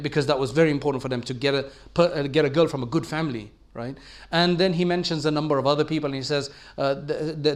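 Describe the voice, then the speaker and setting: Male preacher, slightly higher pitched, animated storyteller who acts out dialogue. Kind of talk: storytelling religious talk.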